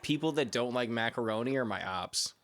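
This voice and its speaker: A man's voice: mid-range voice, lively intonation, brisk, a bit bright. A young man guesting on a casual comedy podcast, telling stories with dry, wisecracking remarks.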